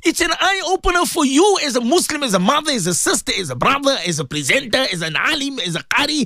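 Guy preaching on religious radio, high voice swinging all over, keeps hammering the same lines, dry close sound. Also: big pitch swings, fast talker, sharp tone, dry recording. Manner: fervent, repetitive, preachy, addresses listeners directly. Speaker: Islamic radio presenter and maulana. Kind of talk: impassioned religious radio talk.

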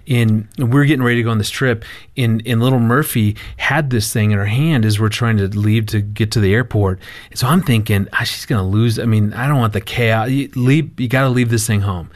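A man, a marriage counselor appearing as a guest, telling a family story in conversation. He stops and starts, repeats his words and acts out the lines he quotes. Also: on the low side.

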